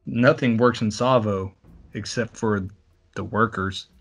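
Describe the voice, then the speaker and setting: A man's voice: on the low side, a little slow. Sarcastic, swearing man in casual chat. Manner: profane, sarcastic, joking. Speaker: podcast co-host. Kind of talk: casual movie chat over beer.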